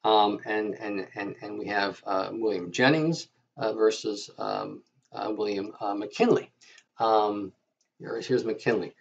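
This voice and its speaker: A man lecturing as a history teacher, with a halting delivery full of fillers and restarts. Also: lowish voice, creaky, slightly rough. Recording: dull lo-fi lecture audio.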